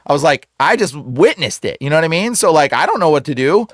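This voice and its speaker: A man who is a guest on the show, telling a story in a casual, slangy way full of "like" and "bro", animated and acting out the voices in it. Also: on the high side, fast talker, dry recording, studio quality. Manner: slangy, fills speech with "like" and "bro". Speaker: exorcist guest.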